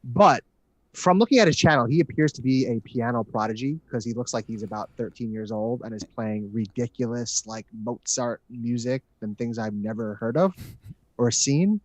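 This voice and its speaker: A man chimes in on a relaxed livestream chat, chatty and easy to amuse. His pitch is ordinary and the recording is dry and close, with no echo around it. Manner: chatty and quick to laugh. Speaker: livestream co-host.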